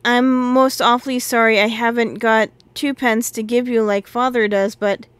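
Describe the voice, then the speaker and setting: A woman's voice: fairly high pitch, steady tone, normal speed, fairly bright tone, smooth, no echo, natural voice. A woman voicing a polite, earnest young boy who speaks apologetically. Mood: apologetic.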